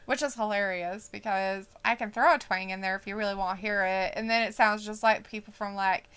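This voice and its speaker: A woman's voice: medium pitch, fairly even intonation, brisk, a bit bright, smooth. A woman from Idaho co-hosting a wrestling watch-along stream, chatting casually, reading out the live chat and laughing often.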